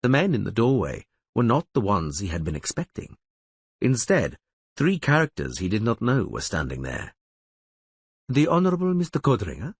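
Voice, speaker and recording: Male audiobook narrator, dramatic, husky, wide swings. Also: on the low side, normal speed, no echo. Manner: dramatic, expressive reading.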